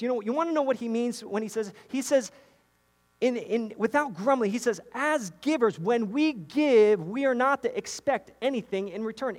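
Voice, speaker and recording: High-voiced man preaching in echoey church. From New York. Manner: animated preaching with repetitions and asides to the congregation. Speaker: pastor. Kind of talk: sermon. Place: church sanctuary.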